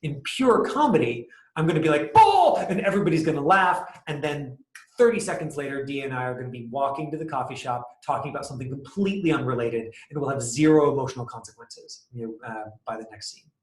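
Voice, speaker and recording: A man teaching an acting class, casually explaining comedy with lively acted-out examples. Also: mid-range voice. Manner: animated, acts out quick examples with loud outbursts. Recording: echoey room.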